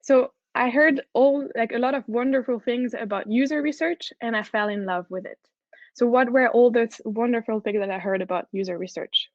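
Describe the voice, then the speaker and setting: A woman's voice: a little high, moderate pace, dry recording. A woman with a French accent giving an enthusiastic conference talk as a head of product, often restarting her sentences. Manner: enthusiastic, earnest, with frequent restarts. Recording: dull, dry lo-fi recording.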